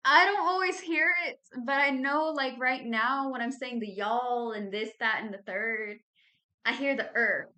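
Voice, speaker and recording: A woman's voice: a little high, a little slow, bright, forceful tone. A woman in her thirties with a Southern Texas accent, giving a chatty, slangy tarot reading to her viewers. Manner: chatty and slangy, addresses viewers as babies and y'all. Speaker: tarot card reader. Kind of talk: casual monthly card reading.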